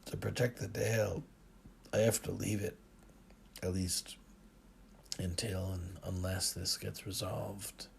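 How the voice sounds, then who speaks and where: Man, audiobook narrator, gravelly, slow, measured, first-person storytelling. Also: deep voice, little pitch movement, a little hiss or hum.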